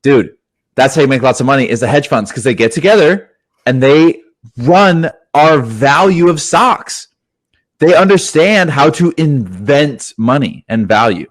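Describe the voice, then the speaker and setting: Excitable young man riffing on a podcast. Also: medium pitch, unhurried. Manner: excitable, swears often, says "dude" a lot. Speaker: podcast co-host. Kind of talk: casual podcast chat.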